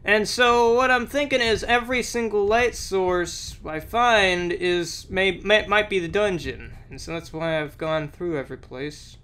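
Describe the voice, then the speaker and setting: A young man doing let's play commentary, excitable and exclamatory, a little sick with a sore throat. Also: high voice, measured pace, few pauses, a little hiss or hum. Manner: excitable, exclamatory, talks to the game. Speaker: gameplay commentator.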